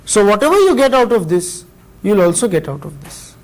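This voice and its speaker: A man with an Indian English accent giving a measured university lecture, explaining step by step with pauses between phrases. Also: high voice, sing-song, rough recording. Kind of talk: recorded classroom lecture.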